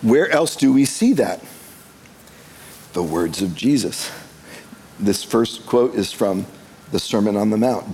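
A man's voice: fairly low pitch, big pitch swings, measured pace, pauses often, a little mellow, a little hiss or hum. A man, preaching a sermon to a congregation in a church, in a conversational style with humorous asides. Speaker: pastor.

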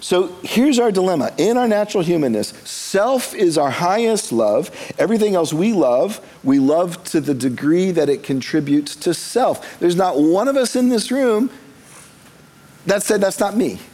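A man's voice: high-pitched, sing-song, moderate pace, a little mellow. A man, preaching a sermon to a congregation in a church, in a conversational style with humorous asides. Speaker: pastor.

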